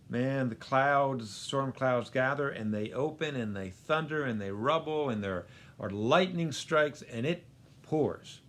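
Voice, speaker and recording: A man hosting a show, telling a parable joke in a dramatic, drawn-out way. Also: mid-range voice, a bit bright. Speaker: host.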